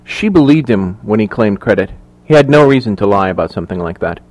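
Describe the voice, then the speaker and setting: Steady male audiobook narrator. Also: on the low side, a little fast. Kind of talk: scripted narration.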